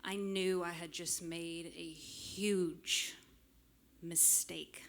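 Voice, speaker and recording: A woman, telling a humorous personal story live on a club stage into a microphone, lively and self-mocking with frank swearing. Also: on the low side, very slow. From small town in Arkansas, US. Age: late 30s. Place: stage of a small music club. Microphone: stage microphone fed straight from the soundboard.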